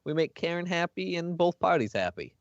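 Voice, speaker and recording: A man's voice: on the high side, sing-song, fairly quick, dry recording, lo-fi sound. A man playing a tabletop game, offhand and joking. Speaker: player. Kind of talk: casual tabletop play.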